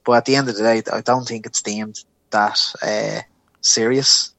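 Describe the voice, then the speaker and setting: With a lowish voice and some vocal fry, this young Irish podcast co-host spins a lengthy story at a moderate pace. He's animated, performing the voices of each person involved as the casual chat goes on, and there's no echo.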